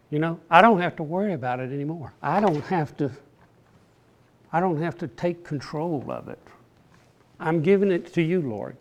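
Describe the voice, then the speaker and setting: An older man leads a casual Bible class, his voice sitting a little high for a man. He talks slowly and plainly, with an earnest, halting manner as he works through scripture. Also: darkish tone. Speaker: Bible study teacher. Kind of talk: informal Bible class teaching.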